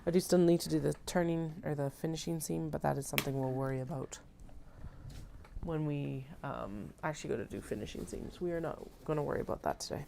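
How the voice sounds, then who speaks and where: A woman's voice: low-pitched, a little fast, creaky, noisy background. A woman in her thirties chatting casually and thinking aloud while she sews on a live stream at home, self-mocking and talkative. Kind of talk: casual chat while working.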